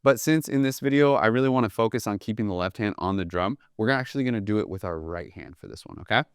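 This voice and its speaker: A young man teaching jazz drumming in a relaxed, conversational way, often checking in with "right?" and counting beats aloud as he demonstrates. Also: fairly low pitch, fast, clean tone, no echo, studio quality. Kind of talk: instructional video lesson.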